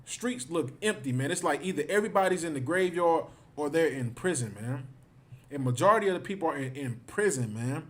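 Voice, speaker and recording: A man with a somewhat high-pitched voice leads a livestreamed scripture class. He talks emphatically, circling back over the same points and tagging phrase after phrase with "man". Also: lively intonation, fairly quick, fairly bright tone. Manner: emphatic, repeats himself, ends phrases with "man". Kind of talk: livestreamed teaching.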